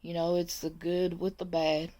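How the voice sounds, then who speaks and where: A woman's voice: on the low side, flat delivery, moderate pace, warm tone. A woman who used to work as a nursing aide, telling a story in a chatty, casual way, laughing often and repeating words as she goes.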